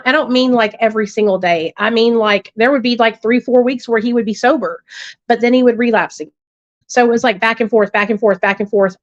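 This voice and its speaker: A medium-pitched woman hosts a livestream and shares a story with her audience in a blunt, profane way, leaning heavily on tag questions. The recording has no room sound and feels dull, dry and lo-fi.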